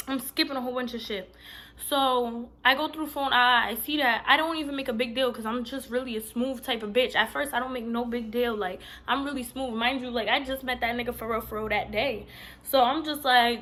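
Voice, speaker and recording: Young New woman, loud and slangy vlog storyteller, higher voice with a sharp edge. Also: normal speed. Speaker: vlogger.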